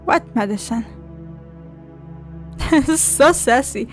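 Reading the on-screen dialogue aloud as she plays, a gameplay streamer with a slightly high voice keeps a measured pace, punctuating it with swearing, giggles and sassy asides. Faint music is audible behind her.

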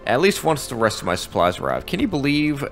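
A man's voice: mid-range voice, very animated, brisk, gravelly, a bit bright, soft background music, voice pushed up. A man reads the lines of a fussy old woman mage in a game, complaining about her lab. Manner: reading quest text aloud.

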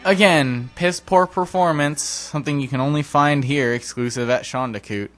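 A young man giving casual, self-deprecating gameplay commentary, breaking into sudden excited yelps. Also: a little high, normal speed, soft background music. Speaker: let's play commentator.

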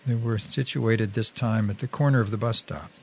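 A man reading a first-person story aloud in a measured, wry storytelling manner. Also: fairly low pitch, fairly even intonation, vocal fry, darkish tone, a little hiss or hum. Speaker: reader.

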